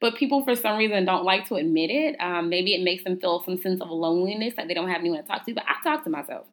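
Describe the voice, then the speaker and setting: A young woman hosts her own motivational solo podcast, speaking quickly in a lowish, slightly bright voice. Her manner is casual, chatty and preachy, and she calls her listeners "y'all."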